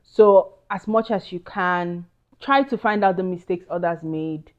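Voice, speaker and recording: A woman's voice: fairly low pitch, unhurried, lo-fi sound. A woman with a Nigerian accent giving career advice in a casual, earnest and emphatic chat with asides. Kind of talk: casual advice talk to camera.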